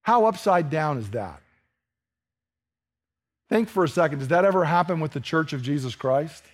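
A man's voice: a little high, normal speed. A man preaching a sermon to a congregation, asking them questions and acting out the dialogue of the story. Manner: animated, asks the congregation questions, acts out dialogue.

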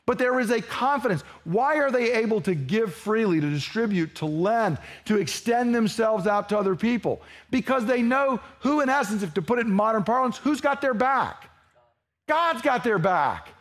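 A man's voice: sits high, animated, moderate pace, fairly bright tone. A man preaching a verse-by-verse sermon as pastor, talking conversationally and asking his listeners to fill in words. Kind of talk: expository sermon.

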